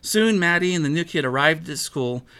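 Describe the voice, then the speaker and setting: A man reads a children's story aloud with a bright, forward tone. His voice sits a little high for a man. He brings the lines to life, putting on a new voice for each character. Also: normal speed, clean tone. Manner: animated, acts out each character.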